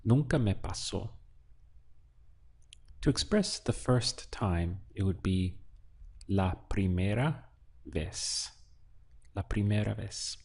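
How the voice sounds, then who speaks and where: A male Spanish teacher guides the listener through a language lesson slowly and patiently, pausing to quiz them. His low voice has a gravelly, husky edge and a darkish tone, and he speaks close to the mic.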